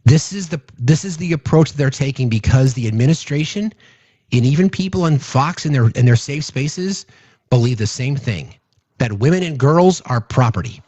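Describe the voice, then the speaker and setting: A man's voice: mid-range voice, animated, normal speed, darkish tone, husky, no echo. A man giving casual political commentary, indignant and rambling, often restarting his sentences.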